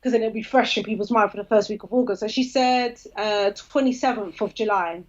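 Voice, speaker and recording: A woman's voice: medium pitch, a little fast, lo-fi sound. A woman, a podcast guest telling a story in casual chat and acting out the quoted dialogue. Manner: lively, acts out quoted dialogue.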